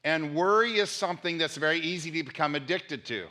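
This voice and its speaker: A man's voice: fairly high pitch, a little fast, sharp tone. A man, a pastor, preaching a conversational sermon and repeating key points for emphasis.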